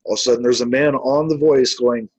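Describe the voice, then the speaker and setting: A man's voice: medium pitch, fairly even intonation, quick pace, a little mellow, no echo, poor audio. A man who investigates the paranormal, telling his stories in a casual, rambling way with many filler words. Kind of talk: casual storytelling.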